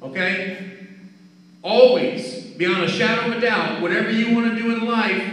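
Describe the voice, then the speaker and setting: A man giving an energetic motivational talk to schoolchildren, repeating key phrases and calling for answers. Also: high-pitched, normal speed. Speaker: guest speaker at a school. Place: school hall or gym. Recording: echoey hall picked up from far off.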